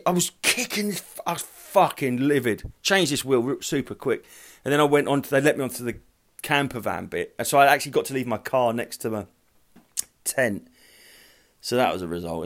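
Animated, swearing man telling stories. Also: mid-range voice. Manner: rambling, profane, animated anecdotes. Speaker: podcast host. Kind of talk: casual solo storytelling.

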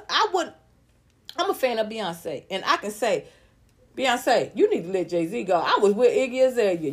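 A woman, hosting a casual live-stream gossip chat, loud, blunt and profane, laughing often. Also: a little high. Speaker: celebrity gossip vlogger.

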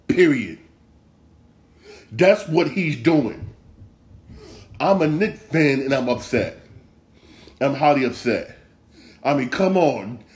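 Man ranting heatedly about sports. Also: mid-range voice. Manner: heated, profane, repetitive. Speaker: sports podcast host.

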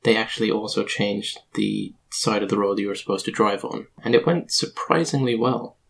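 Man, low voice, gravelly, explains facts like a lecture. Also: normal speed, rough recording. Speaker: podcast co-host. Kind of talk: casual chat.

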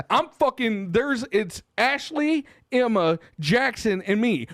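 A man co-hosting a podcast, telling a long story in casual, profane chat and getting loud and animated when worked up. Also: very high voice, takes it slowly, no echo, clean studio sound. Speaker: podcast co-host.

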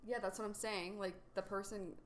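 Brief: mid-pitched woman, giggly, swearing podcast co-host. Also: little pitch movement, a little fast. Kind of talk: casual podcast chat.

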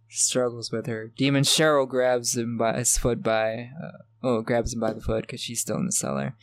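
A man's voice: mid-range voice, dry recording. A man co-hosting a podcast, casually walking through a horror film's plot and laughing often. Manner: laughs often, plays back the plot beat by beat. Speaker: podcast co-host recapping a film. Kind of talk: casual film recap chat.

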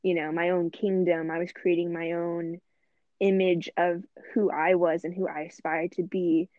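A woman co-hosting a podcast leads a casual faith discussion, speaking earnestly and reflectively and frequently quoting scripture. Her voice is lowish and flat at a normal pace, on a dry, tinny, phone-like line with no room sound.

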